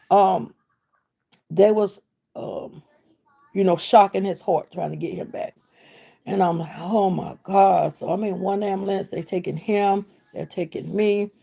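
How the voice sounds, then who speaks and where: Her mid-range voice has vocal fry and a warm tone as this middle-aged woman, a grieving mother, shares a personal story of loss. She speaks with emotion and re-creates the conversations.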